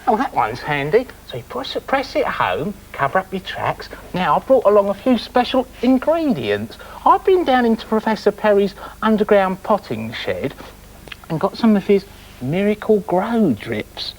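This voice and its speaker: A man's voice: high voice, huge pitch swings, normal speed, slight background noise, rough recording. A man presenting on children's TV, rambling enthusiastically through a daft scripted comedy sketch.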